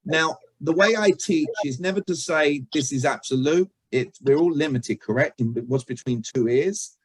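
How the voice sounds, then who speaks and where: A man's voice: fairly high pitch, normal speed, breathy edge, dry recording, low-quality recording. British-born male trainer, jokey and interactive, dry close sound on a video call. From Britain. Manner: chatty, jokey, asks the audience questions. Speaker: communication trainer. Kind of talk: interactive online workshop.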